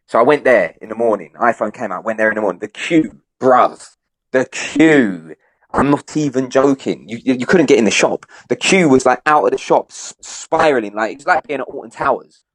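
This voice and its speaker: A young man in casual podcast chat, spinning animated stories full of slang and swearing. His voice sits at an ordinary middle pitch. The recording is close and dry, with no room sound. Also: a little fast, no room sound. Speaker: podcast co-host.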